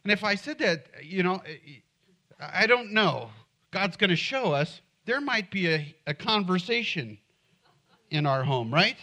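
A man's voice: sits high, very animated, measured pace, pushed and bright. A middle-aged man preaching a sermon in church, conversational and humorous, often asking the congregation questions. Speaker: pastor.

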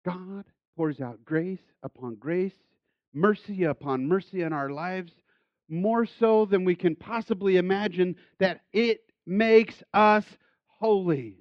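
A man's voice: high voice, slow, no echo, lo-fi sound. A man, a pastor, giving a casual, enthusiastic sermon with self-deprecating asides and frequent restarts.

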